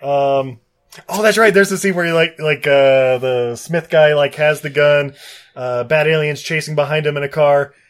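A man with a slightly high voice tells a film's plot in a loose, rambling way. He swears freely and laughs often as he acts out the scenes. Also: moderate pace. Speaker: podcast co-host recapping a film. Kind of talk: casual chat.

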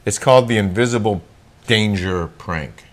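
A middle-aged man co-hosting a casual chat show, telling stories with an animated delivery and frequent laughs. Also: fairly low pitch, normal speed. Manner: animated storytelling, laughs often. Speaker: co-host.

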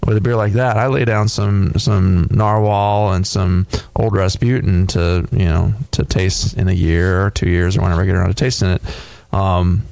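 A man co-hosting a beer podcast, casually describing a tasting in a thoughtful, halting way with many fillers. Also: low-pitched, fairly even intonation, creaky, darkish tone, no room sound. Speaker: podcast co-host reviewing beer.

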